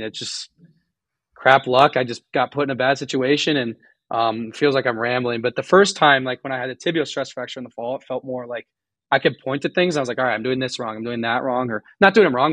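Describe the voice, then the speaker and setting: A young man speaks quickly and candidly in a podcast interview, tripping over restarts and fillers as he goes. His tone is earnest and openly emotional, and the sound is dry and close. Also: mid-range voice, fairly bright tone, no room sound. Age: young adult. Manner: rambling, halting with many restarts and fillers. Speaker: guest college runner.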